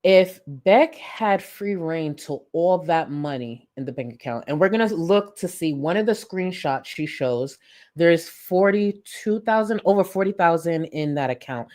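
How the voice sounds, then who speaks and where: A woman hosting a live-stream commentary, incredulous and animated, thanking viewers for donations between points. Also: fairly low pitch, unhurried. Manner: animated, incredulous, thanks chat donors warmly. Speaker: commentary YouTuber.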